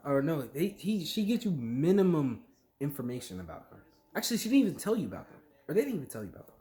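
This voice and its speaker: Chatty vlogger ranting off the cuff, says like a lot, pitch all over the place. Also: a little mellow. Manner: filler-heavy, lots of "like", jumps between thoughts; acts out quick quoted voices mid-story. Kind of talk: casual rambling rant to camera.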